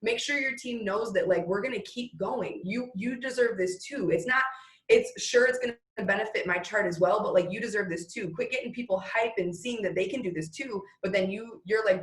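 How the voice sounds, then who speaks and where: A woman's voice: mid-range voice, normal speed. A woman talking business motivation as a guest, rambling and restarting her sentences as she speaks straight to the listeners. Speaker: network marketing leader guest. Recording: roomy echo.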